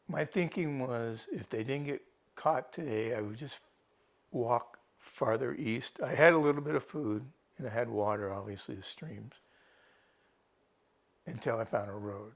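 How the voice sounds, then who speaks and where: A man with a gravelly, creaky voice tells a TV reporter how he was rescued after getting lost on a hike. He rambles casually, restarts sentences and quotes what he thought at the time, in a voice of middling pitch. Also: a little slow. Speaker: rescued hiker interviewed by a TV reporter. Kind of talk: casual first-person account.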